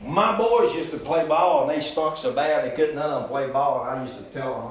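Middle-aged man, pastor, sermon that rises loud then falls hushed, echoey room. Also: a little high, fairly quick, hardly any pauses, slight background noise. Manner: swings between loud, rising preaching and quiet, joking asides.

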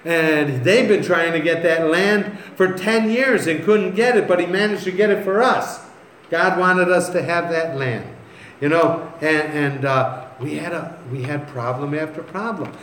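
A man's voice: fairly high pitch, unhurried, a bit bright, slight background noise. A man preaching a sermon, reading scripture aloud and then telling stories in a loose, conversational way. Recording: echoey room with faint ambience.

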